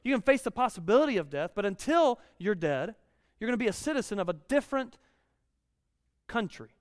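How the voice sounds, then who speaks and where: High-voiced preacher in a reverberant hall. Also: male voice, big pitch swings, fairly quick, studio quality. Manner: conversational, repeats lines for emphasis, rises loud on scripture. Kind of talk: sermon.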